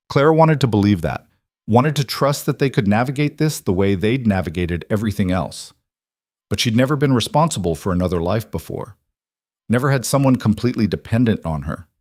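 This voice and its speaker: A man narrating a frontier romance audiobook in an even, measured storytelling manner. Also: fairly low pitch, dry recording, clean studio sound.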